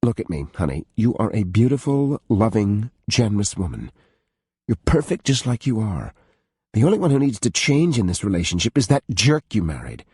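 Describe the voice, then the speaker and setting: A caring, outspoken young woman, as a male narrator voices her, with a raised, husky tone. She talks with a quick, lively lilt, and the sound is close and dry. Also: lowish voice, no room sound, voice pushed up. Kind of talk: audiobook character voice.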